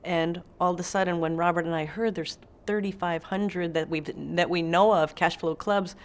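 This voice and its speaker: A woman's voice: on the low side, moderate pace. A middle-aged woman telling stories as an interview guest, acting out the quotes with energy. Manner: animated anecdote-telling, acts out quotes. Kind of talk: interview storytelling.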